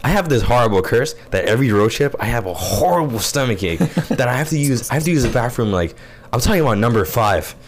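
A young man co-hosting a casual podcast, talking in an animated way, groaning, laughing and exclaiming as he tells stories. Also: mid-range voice, fast talker, slight background noise. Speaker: podcast co-host. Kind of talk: casual chat.

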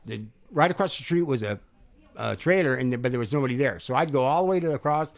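A man's voice: medium pitch, expressive, quick pace. A man co-hosting a podcast, telling a rowdy, profane story in casual chat and laughing often. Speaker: podcast co-host.

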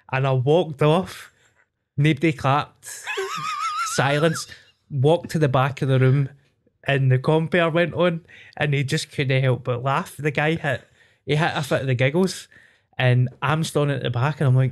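A man's voice: a little high, normal speed. A Scottish man, a guest comedian, telling a swear-laden story about a bad gig in casual chat. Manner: animated anecdote teller, swears freely.

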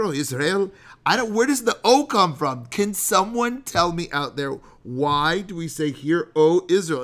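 Middle-aged rabbi guy doing his podcast, kinda high voice, rambly and jokey. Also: sharp tone. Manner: chatty, jokey, digressive, sings out Hebrew prayers. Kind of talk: animated podcast sermon.

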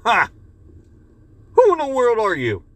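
A man's voice: very high voice, huge pitch swings, a little slow, fairly bright tone, no room sound, pitched above the performer's own voice, heavily acted. A man voicing a startled male burglar in a joke he reads aloud, asking jumpy, hissed questions.

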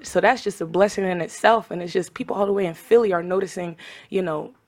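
A young woman talks about her mentoring work in a relaxed interview. Her voice sits a little low, and she speaks with open passion and emotion, filling her sentences with "um" and "you know.". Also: fast, a crowd in the background. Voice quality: trained singing voice. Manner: passionate, emotional, chatty with many fillers. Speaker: guest, founder of a mentoring organization for teen girls. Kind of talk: casual interview chat.

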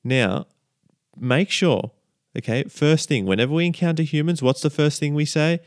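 A man voicing God as a brisk, matey boss who coaches an angel before a mission to earth. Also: fairly high pitch, no echo, studio quality, close to an everyday voice. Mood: coaching. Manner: bossy, offhand, coaching tone.

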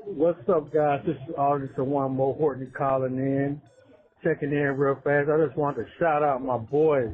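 A man's voice: medium pitch, fairly even intonation, moderate pace. A man leaving a casual voicemail for a sports podcast, easygoing, with lots of fillers. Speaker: voicemail caller. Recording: phone-line voicemail.

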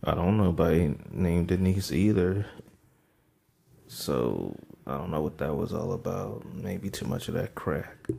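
A man's voice: low voice, lively intonation, a little slow, vocal fry, breathy edge. A man co-hosting a comedy podcast, joking in casual banter with blunt, profane punchlines. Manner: profane, punchy, and loud when mocking someone. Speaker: podcast co-host.

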